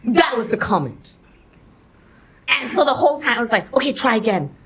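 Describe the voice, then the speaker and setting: A woman from Thailand, speaking English as a guest actress, telling lively stories, laughing often and acting out scenes. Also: fairly high pitch, normal speed, a crowd in the background. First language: Thai. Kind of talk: animated storytelling in an interview.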